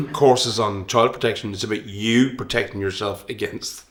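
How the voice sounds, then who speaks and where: A man's voice: lowish voice, moderate pace. A man in a casual chat who chimes in with dry, teasing remarks.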